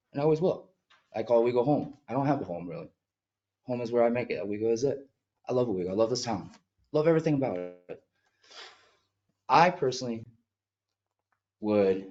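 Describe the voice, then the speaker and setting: A man who is a mural artist, speaking earnestly and with emotion at a village board meeting, sometimes halting as he gets choked up. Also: lowish voice, a little mellow, highs cut off. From upstate New York. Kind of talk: emotional public comment. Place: public meeting room.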